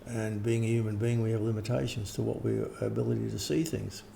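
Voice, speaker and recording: Older man, gravelly, dark tone, rambling interview talk, faint background hiss. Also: lowish voice, steady tone, fairly quick. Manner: rambling, frequent restarts and throat clearing. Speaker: interviewed teacher. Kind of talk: casual conversation.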